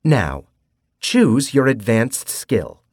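A man voicing a cutesy, small female game host with a bloodthirsty streak, speaking in a slow, formal announcer manner. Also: medium pitch, sing-song, a little mellow, slightly rough, dry recording, clean studio sound, voice pushed up, full character voice. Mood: cutesy announcing.

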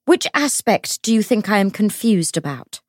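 A woman's voice: mid-range voice, big pitch swings, moderate pace, no room sound, clean studio sound, voice pushed up. A woman voicing a composed young woman who answers with confident, pointed defiance. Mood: coolly defiant.

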